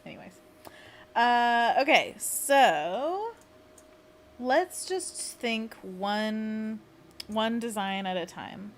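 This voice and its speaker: A woman's voice: fairly high pitch, lively intonation, extremely slow, slight background noise. A woman hosting a casual livestream, chatting and giggling as she plans designs and leads viewers through a hand stretch. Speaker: livestream host.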